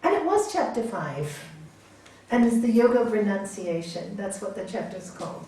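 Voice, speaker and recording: A woman teaching a spiritual yoga class in a gentle, chatty way, laughing often and acting out inner voices. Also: mid-range voice, lively intonation, moderate pace. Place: large hall. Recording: echoey hall from far off.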